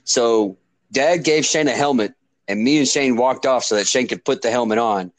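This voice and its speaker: A man's voice: medium pitch, normal speed, dry recording. A man chatting casually on a podcast, telling a family story. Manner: lively, chuckling storyteller.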